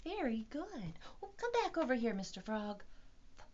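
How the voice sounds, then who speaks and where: Animated children's librarian, sing-song and playful. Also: female voice, fairly high pitch, moderate pace, highs cut off. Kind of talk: virtual storytime for young children.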